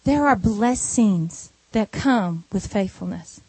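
A woman preacher delivering a sermon through an animated, conversational retelling of a story. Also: mid-range voice, takes it slowly, breathy edge, no room sound.

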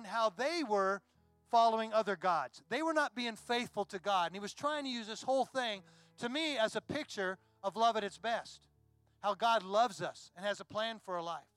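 A man with a high, smooth voice preaching in a church, retelling a Bible story with feeling. The sound is close and dry, with soft music faintly underneath. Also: no echo. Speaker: pastor. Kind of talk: sermon.

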